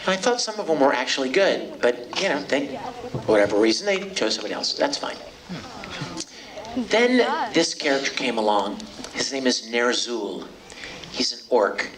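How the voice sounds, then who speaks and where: A middle-aged man, a voice actor at a convention panel, talking casually and playfully to fans on a handheld mic. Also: medium pitch. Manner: playful, joking, animated storyteller. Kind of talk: casual panel talk to a fan crowd. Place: convention hall stage. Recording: distant audience recording, noisy hall.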